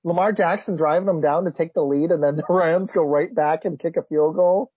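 Excitable husky podcast host, dry lo-fi sound. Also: male voice, a little high, a little fast, no room sound. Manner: excitable, blurts reactions, laughs often. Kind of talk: casual sports chat. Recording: dull lo-fi remote audio.

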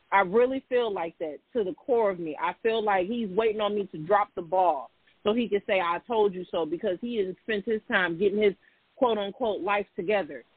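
A woman's voice: mid-range voice, husky, no echo. A woman co-hosting a casual talk show, speaking frankly and emphatically, repeating herself for stress. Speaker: podcast co-host. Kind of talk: candid casual chat. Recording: tinny phone-like dry sound.

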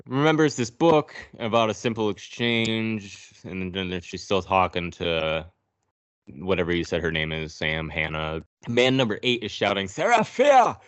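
A man's voice: on the low side, clear, resonant tone, dry recording. A man casually recapping a horror movie on a podcast, sarcastic and profane. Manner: sarcastic, profane, narrating scenes. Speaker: podcast co-host.

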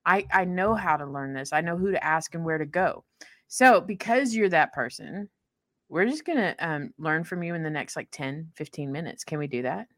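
In a low voice and at a moderate pace, a woman co-hosting a podcast tells stories casually, laughing often and acting out quotes at full volume. It's a dry recording with clean studio sound.

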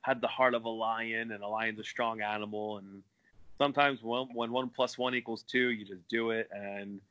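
A man with a fairly low voice talks casually as a wrestler guest on a podcast. He rambles, swears freely and laughs at himself as he goes. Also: steady tone, normal speed, a bit bright, muffled recording. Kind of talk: casual chat.

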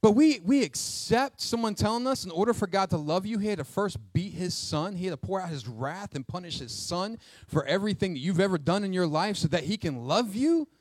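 A middle-aged male pastor preaching a sermon in a lively, conversational way, mixing jokes and asides into his teaching. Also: high voice, fairly quick, few pauses, no echo.

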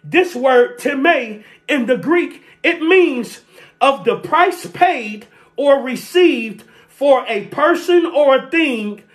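A preacher delivering a sermon, repeating key phrases, calling for responses and shouting at the peaks. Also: high voice, expressive, slow. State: sweating.

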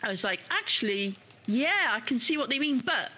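Bright, chatty British woman co-host. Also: fairly high pitch, very animated, normal speed, slight background noise, low-quality recording. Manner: chatty, warm-hearted, says darling. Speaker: radio co-host. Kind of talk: casual talk radio chat.

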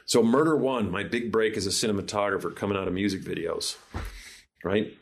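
Low-voiced man telling film-set stories. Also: moderate pace. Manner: rambling anecdotes with many restarts. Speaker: guest film director. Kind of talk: casual interview storytelling.

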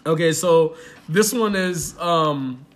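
A young man hosting a podcast, telling a story in a loose, animated way with heavy slang and swearing. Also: a little high, takes it slowly. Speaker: podcast host. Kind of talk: casual storytelling chat.

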